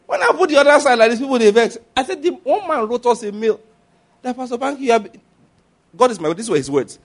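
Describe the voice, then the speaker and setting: A man delivers a sermon in a bright, high-pitched voice. He is animated and storytelling, mimicking the people he quotes and laughing between points. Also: fast. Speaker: pastor.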